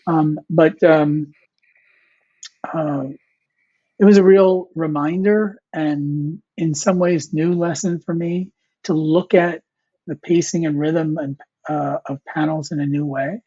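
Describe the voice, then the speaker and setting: A man's voice: on the high side, steady tone, slow, warm tone, husky, dry recording. A man, a comic artist guest, talks casually in an interview and rambles with fillers and restarts. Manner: rambling, many fillers and restarts, quotes mentors. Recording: dull, slightly lo-fi dry sound.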